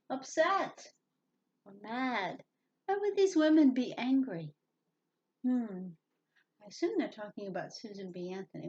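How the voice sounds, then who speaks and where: Woman teacher, slow and patient, spells words letter by letter, slightly dull lo-fi sound. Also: mid-range voice, a little hiss or hum. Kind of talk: slow reading lesson for young children.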